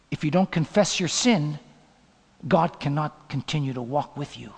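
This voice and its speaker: A male pastor preaching a sermon, swinging between loud emphatic peaks and low hushed asides. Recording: long hall reverb.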